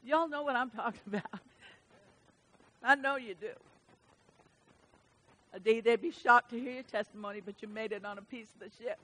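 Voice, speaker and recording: A woman pastor preaching a sermon at a church service, swinging from loud emphatic calls to soft, hushed lines. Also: on the high side, normal speed, long pauses.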